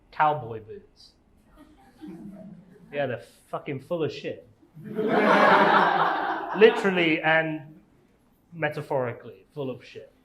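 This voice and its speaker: A man playing a tired, crude talking shoe in an improv comedy scene, rambling and deadpan. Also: a little high. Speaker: improv guest character. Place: live improv stage. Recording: echoey room, loud background noise.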